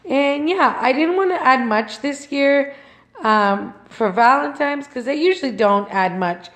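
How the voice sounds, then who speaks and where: A woman's voice: high voice, lively intonation, measured pace, a bit bright. A woman with a slightly raised voice, chatting through a home tour vlog. She gushes and sounds sentimental and affectionate. She is indoors at home, talking into a handheld camera. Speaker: home decor vlogger. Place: inside her own home. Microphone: handheld camera she turns around to film.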